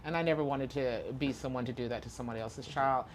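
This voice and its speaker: Woman, very low register, reflective guest interviewee, slight background noise. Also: quick pace. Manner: earnest, reflective storytelling. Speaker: guest, author and former teacher. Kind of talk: conversational interview answers.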